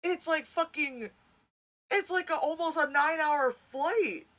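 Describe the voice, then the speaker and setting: Woman ranting about a rom-com, swears a lot, bright snappy voice, kinda high. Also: a little slow. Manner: blunt, sarcastic, swears freely; bursts into exasperated yelling. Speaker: movie reaction host. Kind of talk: casual profane commentary.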